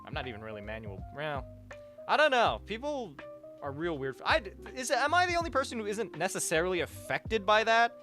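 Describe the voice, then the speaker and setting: A young-sounding man streams from home, rambling and cursing his way through donation shout-outs. His pitch jumps around a lot as he talks. Faint music plays softly behind him. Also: brisk. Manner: rambling, swears a lot, animated swings in pitch and loudness. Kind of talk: casual livestream chat reading donations.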